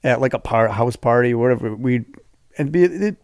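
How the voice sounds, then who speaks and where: A man's voice: medium pitch, lively intonation, fairly quick, no echo, clean studio sound. A man in his forties from southeastern Massachusetts, co-hosting a podcast and telling stories in a loose, casual way with some swearing. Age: 40s. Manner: loose, profane storytelling. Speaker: podcast co-host. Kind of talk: casual chat.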